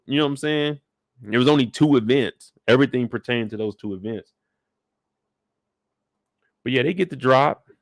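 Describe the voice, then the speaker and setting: A man's voice: mid-range voice, dry recording, studio quality. A man hosting a casual live recap of a TV episode, talking in a laid-back, slangy way with joking asides. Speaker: show recap host.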